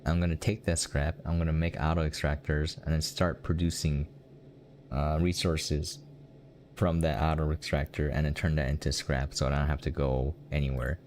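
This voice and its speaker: A man's voice: a bass voice, flat delivery, moderate pace, darkish tone, a little hiss or hum. A young American man chatting casually while live-streaming a game, rambling and laughing often as he answers his chat. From United States.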